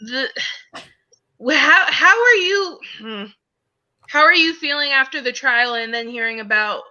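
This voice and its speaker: High, bright woman on a dull line. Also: animated, measured pace. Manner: stumbling, casual questions. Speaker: panelist. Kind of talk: casual panel discussion. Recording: dull lo-fi sound.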